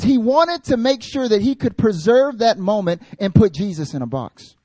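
This is a high-pitched male pastor doing comedic sermon storytelling, speaking at normal speed with few pauses. Animated and jokey, he talks directly to his congregation, and the recording is clean studio sound without room sound.

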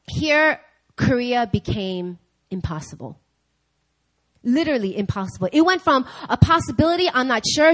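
A young woman preaching in church, telling a lively personal story and acting out the dialogue in different voices. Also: medium pitch. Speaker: speaker. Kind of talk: sermon storytelling.

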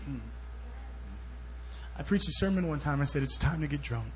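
High-voiced man preaching a sermon. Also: animated, moderate pace, a crowd in the background. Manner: storytelling, swings between loud bursts and soft asides. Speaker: guest preacher. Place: church service.

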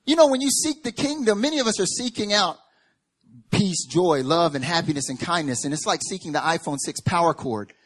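Animated, fairly high-voiced man preaching. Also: fairly quick, breathy edge. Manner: animated storytelling, swings from hushed to loud. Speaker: pastor. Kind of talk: sermon. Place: church service.

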